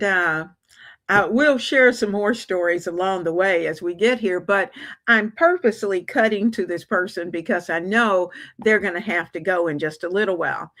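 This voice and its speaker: An older woman hosting a livestream chat show, talking gently and rambling with many fillers. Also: mid-range voice, dry recording. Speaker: show host.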